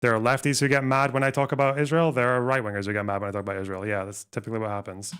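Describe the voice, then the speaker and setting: A man reacting live on stream, answering a video with sarcasm and a lot of swearing. His voice sits at an ordinary middle pitch. He sounds scornful and combative. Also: level tone, racing, a bit bright, clear, resonant tone.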